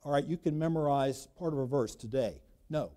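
A man preaching a sermon, emphatic, swinging between loud bursts and quiet asides. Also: mid-range voice, a little fast. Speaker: pastor.

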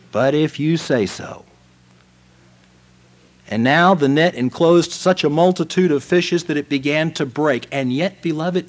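A man preaching a sermon, telling a story dramatically and moving from loud lines to hushed ones. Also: mid-range voice.

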